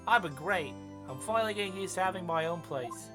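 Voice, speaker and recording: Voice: expressive, a little fast, natural voice. A streamer voicing a bubbly, teasing teenage girl in an exaggerated Brooklyn accent, reading game dialogue aloud. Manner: high and playful, teasing, stretched words. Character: bubbly teenage girl spirit medium, cheeky younger sister. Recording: game music underneath.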